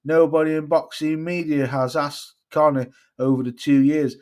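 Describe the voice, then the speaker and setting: This is a middle-aged British man, British English accent, chatting casually on a boxing live stream and reading comments aloud with blunt swearing. His voice is on the high side, steady, moderately paced and a little mellow.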